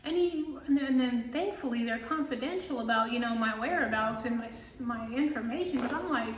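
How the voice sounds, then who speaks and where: A woman who reads tarot, telling a story in casual vlog chat, animated and full of filler words and swearing. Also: on the high side, normal speed, roomy sound, far from the mic, noisy background. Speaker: tarot reader.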